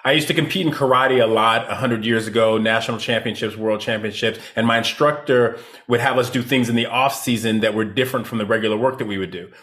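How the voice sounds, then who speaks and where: A man's voice: fairly low pitch, fairly even intonation, fast, hardly any pauses, a bit bright. Emphatic man speaking as a guest. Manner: emphatic, rhetorical "right?" tags. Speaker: leadership consultant guest. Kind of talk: interview answers.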